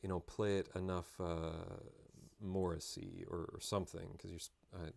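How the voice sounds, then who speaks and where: Man, lowish voice, joking and rambling as he paints live on stream. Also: level tone, moderate pace, gravelly, a little mellow. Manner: rambling, joking, self-interrupting. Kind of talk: casual live-stream chat while painting.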